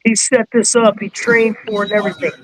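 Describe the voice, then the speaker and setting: A man on a live stream panel, excitable and profane, pushing to show a video. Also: high voice, quick pace, background noise. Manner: excitable, eager, swears. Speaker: panel guest. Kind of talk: casual profane chat. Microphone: streaming call.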